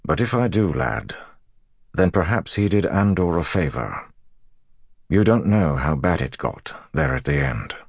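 A man voicing a grizzled older male general who talks gruffly and gravely. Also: deep voice, sing-song, a little slow, dry recording, studio quality, exaggerated voice.

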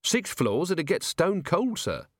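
An eager, earnest young constable, voiced by a male narrator, keen to help and answering respectfully. He speaks a little higher than the narrator's own voice, read close and dry. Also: very animated, slow pace, dry recording, heavily acted. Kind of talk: audiobook character voice.

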